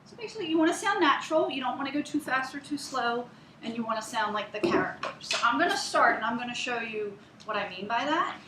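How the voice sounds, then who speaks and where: A woman's voice: on the high side, noisy background. A woman teacher giving a one-on-one reading lesson, explaining things patiently, step by step. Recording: echoey room.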